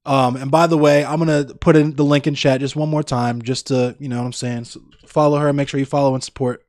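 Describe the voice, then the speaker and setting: A man's voice: mid-range voice, flat delivery, brisk, darkish tone, no echo, studio quality. A young American man chatting casually with live-stream viewers in a blunt, rambling, heavily profane way. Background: faint music.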